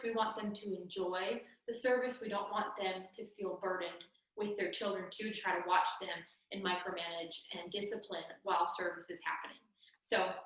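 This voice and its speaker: A woman's voice: medium pitch, bright, forceful tone. A young woman leading a children's ministry training in a casual, chatty way, laughing often and using many fillers. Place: church room. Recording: echoey room from far off.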